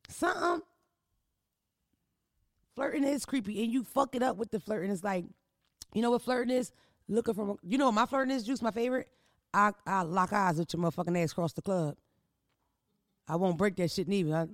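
A woman hosting an advice podcast in a studio, telling stories in a loud, profane, animated way. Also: medium pitch, fairly quick, long pauses, dry recording. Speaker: podcast host giving advice. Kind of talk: casual comedic chat.

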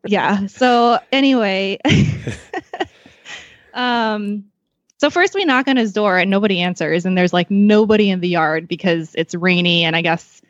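This podcast guest, a woman on a magazine's staff, speaks a little slowly in a medium-pitched voice, rambling through a casual chat with many fillers and calling herself awkward. The audio is dull and has no echo.

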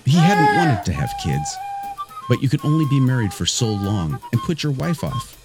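A man's voice: medium pitch, wildly swooping pitch, normal speed, over loud music. A man putting on a solemn radio narrator. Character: earnest public-radio storyteller, man, solemn. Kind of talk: mock documentary narration.

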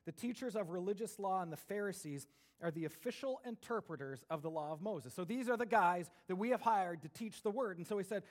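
A man with a high voice delivers a lively sermon to his congregation. He drops into soft, conversational asides, then climbs into loud, emphatic bursts as he drives a point home. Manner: animated preaching, swings between soft asides and raised emphatic bursts. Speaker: pastor.

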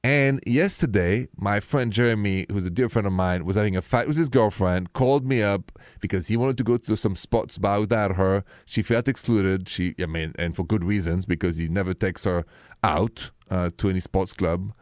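A man's voice: fairly low pitch, moderate pace, dry recording, studio quality. A man with a French accent hosting a radio advice call-in show, telling stories in a chatty manner. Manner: chatty, warm greetings, storytelling.

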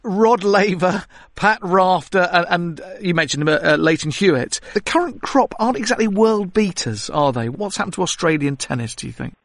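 A man's voice: sits high, lively intonation, brisk, no echo, studio quality. A man with an English accent co-hosting a radio show, jokey and teasing. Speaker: co-host.

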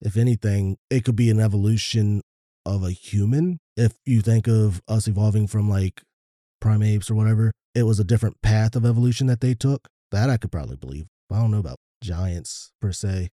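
A man's voice: fairly low pitch, fairly quick, warm tone, dry recording, studio quality. A man co-hosting a casual podcast, laid-back, with wry asides. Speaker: podcast co-host.

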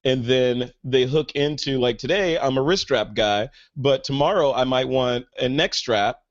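A man's voice: mid-range voice, unhurried, lo-fi sound. A man hosting a podcast, chatting casually and with enthusiasm, with lots of fillers. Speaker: podcast host. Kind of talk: casual chat.

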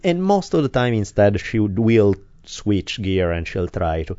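Podcast co-host, deep man, dry close sound, slightly dull lo-fi, candid casual talker who swears. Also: very animated, measured pace, warm tone, no echo. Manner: candid, self-deprecating, swears freely. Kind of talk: casual chat.

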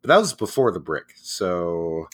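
A man co-hosting a comedy podcast, telling crude, absurd stories in a deadpan way. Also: low-pitched, unhurried, slightly rough. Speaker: podcast co-host. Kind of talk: comedic storytelling chat.

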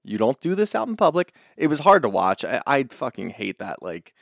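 A man co-hosting a casual recap podcast, ranting bluntly and swearing freely. His voice sits at a middling pitch. The sound is dry and close. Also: sing-song, normal speed, gravelly, no room sound. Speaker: podcast co-host.

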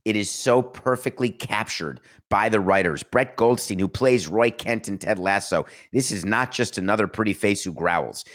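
Emphatic low-voiced male podcast host. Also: a bit bright. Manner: emphatic, sarcastic, rants with rhetorical questions. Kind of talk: solo podcast monologue.

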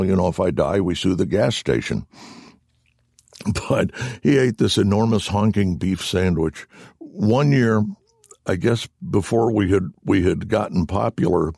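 A man, a voice actor guest on an interview show, telling stories in an animated, self-deprecating way and laughing along as he goes. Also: fairly low pitch, creaky, slightly rough, no echo, clean studio sound. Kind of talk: anecdotal storytelling in conversation.

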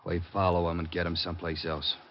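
A low, clipped gangster. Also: male voice, little pitch movement, fast talker. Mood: tense. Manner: curt, hushed, bossy. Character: tough gangster giving hushed orders. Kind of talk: 1940s radio acting. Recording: dull, noisy 1940s radio recording.

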